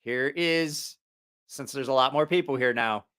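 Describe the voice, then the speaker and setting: A man's voice: medium pitch, unhurried, fairly bright tone, clean tone. A man hosting a live stream, telling a rambling, profane story in a casual way and laughing at his own jokes.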